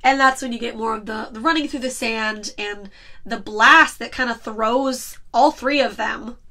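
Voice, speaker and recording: A woman's voice: on the high side, normal speed, pushed and bright. A woman hosting a casual chat podcast, giggling often and retelling movie scenes with lots of "like". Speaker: podcast host.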